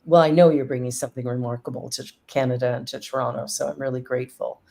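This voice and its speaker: A woman's voice: extremely low pitch, fairly even intonation, quick pace, vocal fry, warm tone. An older woman hosting an interview, encouraging her guest and laughing easily. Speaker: host, spiritual director. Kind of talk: casual interview chat.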